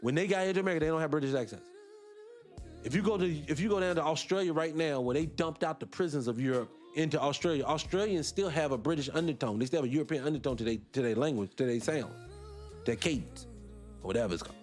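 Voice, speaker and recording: A man hosting a radio talk show, arguing his points in an animated, rhetorical way and repeating himself for emphasis. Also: a little high, fast talker, faint music behind. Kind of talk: opinionated solo radio talk.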